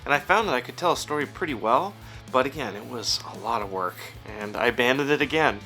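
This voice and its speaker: A man's voice: mid-range voice, lively intonation, fast, pushed and bright, faint music behind. A man in his thirties who writes and draws comics, answering interview questions in a rambling, self-deprecating way with many fillers, recorded in his home studio. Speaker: comic book writer and artist.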